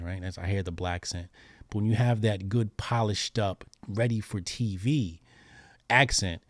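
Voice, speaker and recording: Low-voiced provocative man host. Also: brisk, no echo, clean studio sound. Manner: emphatic, provocative, slangy. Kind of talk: casual commentary chat.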